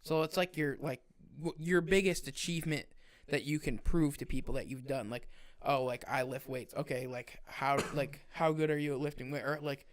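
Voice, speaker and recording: A man's voice: on the high side, steady tone, moderate pace, hardly any pauses. A young man co-hosting a casual podcast, talking bluntly, swearing freely and using many fillers. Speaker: podcast co-host, firefighter.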